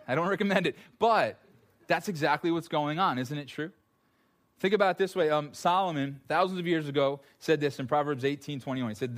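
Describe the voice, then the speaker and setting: A man preaching a sermon to a congregation, telling stories with self-deprecating jokes. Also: a little high. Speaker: pastor.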